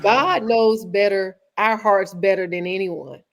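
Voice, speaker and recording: A woman's voice: medium pitch, steady tone, unhurried, a little hiss or hum. A woman hosting a casual conversation, speaking earnestly and restarting her sentences often as she works through her points. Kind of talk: casual chat.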